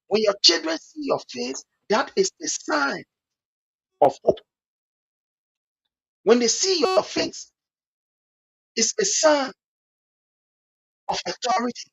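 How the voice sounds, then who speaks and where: A Liberian man giving impassioned political commentary in a preachy, repetitive way, acting out other people's words in quick asides. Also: very high voice, big pitch swings, creaky, a bit bright, dull audio.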